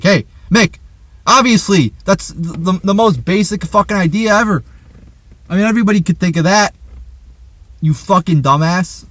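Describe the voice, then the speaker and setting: A man tears into a wrestling show in a heated, foul-mouthed rant. He stumbles and repeats himself as the words pile up. His voice sits at an ordinary middle pitch, recorded dry with no room sound. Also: fairly bright tone, dry recording. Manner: angry, swearing, stammers and repeats words. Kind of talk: profane review rant.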